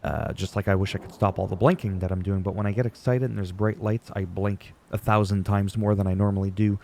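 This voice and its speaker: A man's voice: lowish voice, fairly even intonation, a little fast, vocal fry, hardly any pauses, warm tone, no room sound. A middle-aged man hosting a casual wrestling recap, rambling and chatty, joking at his own expense. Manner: rambling, chatty, laughs at himself.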